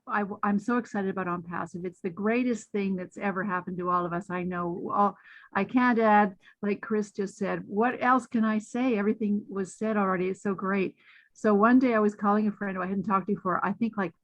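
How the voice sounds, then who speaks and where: A woman from Canada speaking as a guest on a webinar, an excitable, chatty storyteller who acts out the voices of people she quotes. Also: medium pitch, moderate pace, dry recording. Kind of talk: enthusiastic testimonial on a video call. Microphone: video call. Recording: muffled video call audio.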